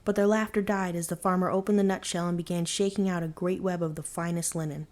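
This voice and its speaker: A woman reading a folktale aloud as a bedtime story, in a calm, even storytelling manner. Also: lowish voice, fast, few pauses.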